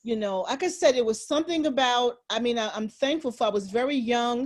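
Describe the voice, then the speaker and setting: Woman co-host with a higher voice; thoughtful, measured, reflective chat. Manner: thoughtful, measured, with steady listening murmurs. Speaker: podcast co-host.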